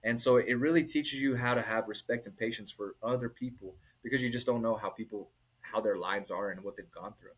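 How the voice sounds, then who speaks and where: A man's voice: fairly low pitch, brisk, hardly any pauses, husky, poor audio. A middle-aged man, a restaurant owner, telling stories in a casual interview and acting out the people he quotes. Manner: animated, acts out quoted people.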